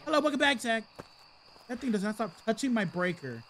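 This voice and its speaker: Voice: medium pitch, very animated, brisk, fairly bright tone, slight background noise. A game streamer talking through a live ghost-hunting session, chatty and exasperated, mock-cursing at the game and chatting with viewers. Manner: chats with viewers in the live chat. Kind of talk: live gameplay commentary.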